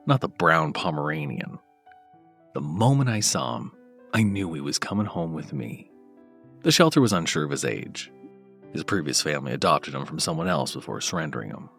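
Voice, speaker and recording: A man reading a first-person horror story aloud in a dramatic scripted narration, dropping to soft low murmurs and lifting louder at tense moments. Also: creaky.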